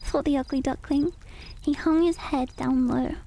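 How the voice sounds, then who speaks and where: A woman's voice: high-pitched, fairly even intonation, normal speed, gravelly, warm tone. A woman reading children's stories aloud on a stream, playful, with chatty asides. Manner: playful, chatty asides and laughs between lines. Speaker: storyteller.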